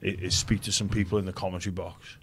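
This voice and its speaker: A man's voice: sits low, flat delivery, fast talker, fairly bright tone, a little hiss or hum. A man hosting a sports podcast interview, talking bluntly and reflectively, swearing casually. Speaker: podcast host, former player.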